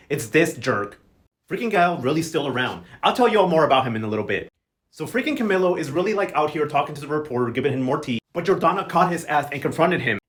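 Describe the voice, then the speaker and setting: Fast-talking sassy young man recapping. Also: a little high, a bit bright. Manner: sassy, gossipy, quick to mimic characters in brief quotes. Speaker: novela recap vlogger. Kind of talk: casual chatty recap.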